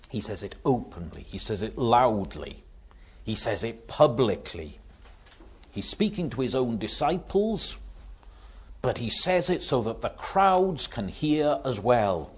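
A man's voice: mid-range voice, big pitch swings, measured pace, husky. A man preaching a sermon, explaining patiently and asking rhetorical questions. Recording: dull lo-fi recording.

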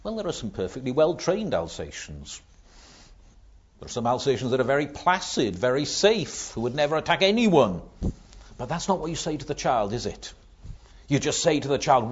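A man's voice: medium pitch, big pitch swings, moderate pace, breathy edge. A man preaching a sermon, explaining patiently and asking rhetorical questions. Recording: dull lo-fi recording.

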